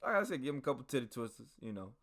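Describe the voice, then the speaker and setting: A man hosting a podcast, telling a story in a casual, animated, slangy and profane way. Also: medium pitch, rapid-fire. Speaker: podcast host.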